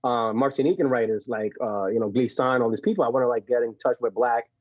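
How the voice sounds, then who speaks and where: A man from Puerto Rico, guest on a podcast, telling stories in animated casual talk with frequent laughs and repeated words. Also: medium pitch, fast, dry recording, dull audio. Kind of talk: casual conversation.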